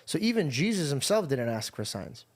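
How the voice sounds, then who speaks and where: A man hosts a casual podcast and talks in a relaxed way. He brings up points a little hesitantly, with pauses and fillers. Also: on the high side.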